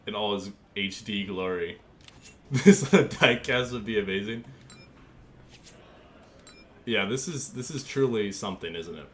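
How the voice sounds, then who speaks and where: Designing a paint scheme on stream, this young man jokes around and talks to chat, goofy and quick to laugh. His voice sits lowish and a bit bright, moving a little slowly with frequent pauses. Slight background noise is audible.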